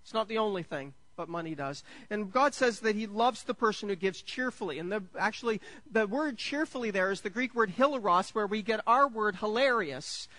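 A man, preaching a sermon as pastor. He is jokey and self-deprecating, stumbles over restarts, and builds to excited peaks. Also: sits high, brisk, dry recording, poor audio.

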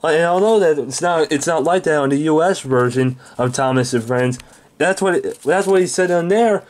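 Male reviewer, exasperated swearing rant, higher-pitched voice. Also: normal speed. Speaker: show reviewer. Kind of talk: angry video review rant.

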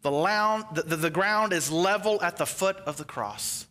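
Pastor guy preaching, high lively voice, bright tone, acts out the bible bits, drops to a whisper sometimes. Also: normal speed. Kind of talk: sermon.

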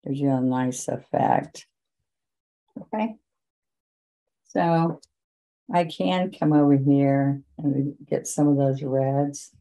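Slow, low-voiced painting teacher woman. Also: fairly even intonation, creaky, poor audio. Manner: chatty, gentle step-by-step guidance. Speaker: painting instructor. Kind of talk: relaxed painting demonstration.

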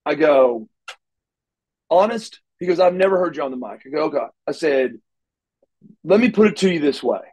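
A middle-aged former wrestler, speaking as an interview guest, tells stories in a casual, animated way, acting out the dialogue and often restarting. His voice sits a little high with lively intonation, a darkish tone and a breathy edge, and he talks fairly quickly. The audio quality is poor.

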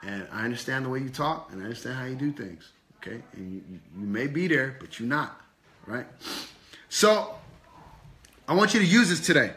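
A man's voice: mid-range voice, lively intonation, normal speed, bright, forceful tone, roomy sound. A man preaching an informal sermon with a puppet, firing off repeated rhetorical questions in casual slang. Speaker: preacher and teacher.

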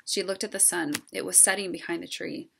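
Woman with a low, gravelly reading voice. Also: steady tone, a little fast, a bit bright, a little hiss or hum. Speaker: storybook reader. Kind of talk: reading a children's novel aloud.

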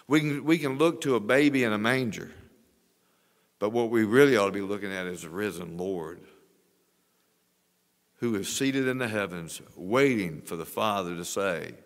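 Pastor in his sixties preaching. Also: lowish voice. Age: 60s. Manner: earnest preaching, swelling louder on exhortations. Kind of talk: sermon. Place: church sanctuary. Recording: long church reverb.

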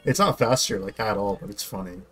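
A man's voice: on the low side, a little fast, fairly bright tone, faint music behind. A young man chatting casually while racing in a video game, laid-back but laughing a lot and shrieking when surprised. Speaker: gamer.

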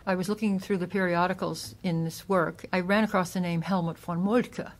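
A woman with a fairly low voice speaks as an author guest in a casual interview. She explains history at length, sometimes restarting her sentences as she goes. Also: steady tone, normal speed.

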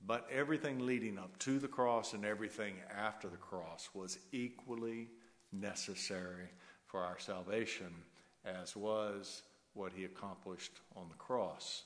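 A man preaches from the pulpit in a fairly low voice, building his points in rhythmic, emphatic repetitions and breaking into soft chuckles. The sanctuary adds a long reverb that hangs after each phrase. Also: fairly even intonation, unhurried. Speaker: pastor. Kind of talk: sermon. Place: church sanctuary.

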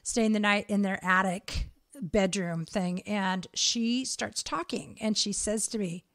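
A woman's voice: medium pitch, measured pace, no room sound. A woman in her fifties co-hosting a casual podcast, telling stories and acting out the lines of the people in them. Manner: animated storyteller acting out quotes. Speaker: podcast co-host. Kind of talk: casual chat.

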